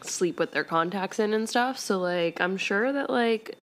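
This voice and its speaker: A woman's voice: mid-range voice, animated, unhurried, slight background noise. A woman co-hosting a podcast, casually recapping a TV episode in a rambling way full of fillers. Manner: rambling, heavy use of "like". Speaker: podcast co-host.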